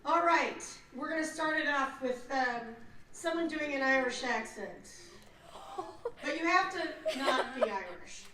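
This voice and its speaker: A woman's voice: sits high, animated, unhurried, background noise. A woman voice actress speaking on a convention panel, brash and joking as she teases the crowd. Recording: echoey hall, distant mic, crowd.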